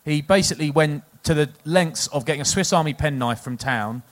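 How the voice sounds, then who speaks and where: A former rugby player co-hosting a casual chat, telling jokey stories about tour pranks. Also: male voice, on the high side, a little fast. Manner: lively storyteller, jokey.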